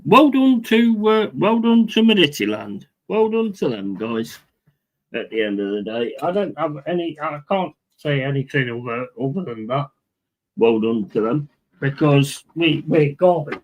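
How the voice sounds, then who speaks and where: Hosting a football watch-along, a man rants angrily at his viewers, swearing constantly and saying the same things over and over. His voice is fairly high with a fairly bright tone, and the recording is rough.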